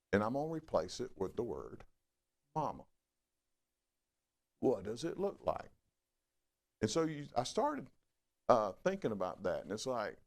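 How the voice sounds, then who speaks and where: A middle-aged man preaching a sermon in a folksy, conversational way. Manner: folksy, conversational preaching with lively swings in pitch. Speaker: pastor.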